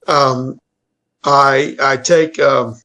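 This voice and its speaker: A man's voice: mid-range voice, fairly even intonation, drawn-out words, gravelly, sharp tone, poor audio. A man playing a tabletop game, describing his moves with stammering restarts. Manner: stammering restarts, laughing easily. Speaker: player. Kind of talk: casual tabletop play.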